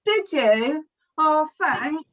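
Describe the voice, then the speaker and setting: A middle-aged woman leading a children's storytime over a video call, reading a picture book aloud in an animated, expressive, friendly way. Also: high voice, drawn-out words, poor audio. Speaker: storytime session leader.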